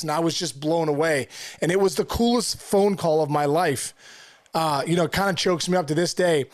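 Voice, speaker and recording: A middle-aged man, a former pro ballplayer, telling a heartfelt story in conversation, animated, with lots of fillers and restarts. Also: fairly high pitch. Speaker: former pro baseball player, guest.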